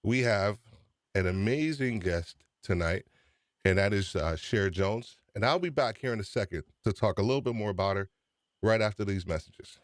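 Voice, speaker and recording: A man's voice: lowish voice, normal speed, slight background noise. A man hosting a live-streamed podcast show, chatty and upbeat, teasing his guest. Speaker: host.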